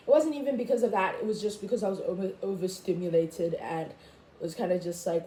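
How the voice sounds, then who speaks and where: A woman in a casual rant to camera as a vlogger, chatty and full of "like", jumping high in pitch when she quotes herself. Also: a little fast, mellow. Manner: chatty, full of "like" and "I was just like". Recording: echoey room, faint background noise.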